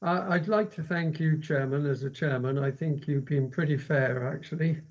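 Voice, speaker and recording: A man speaking as a councillor in a meeting, halting, with restarts. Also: on the high side, darkish tone. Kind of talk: meeting remarks. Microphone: video call. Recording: dull lo-fi video call audio.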